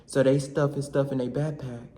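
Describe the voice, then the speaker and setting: A young man vlogging, telling a comic story in casual slang with animated bursts. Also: mid-range voice, moderate pace. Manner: animated, slangy, shouts in quoted lines. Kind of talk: comedic storytelling vlog.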